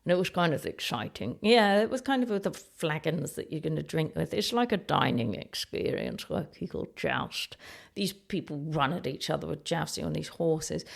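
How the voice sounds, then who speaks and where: A woman's voice: sits low, animated, moderate pace, vocal fry. A middle-aged woman, a comedian, telling rambling, self-mocking anecdotes in casual chat. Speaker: comedian and ventriloquist host. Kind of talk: casual comic storytelling.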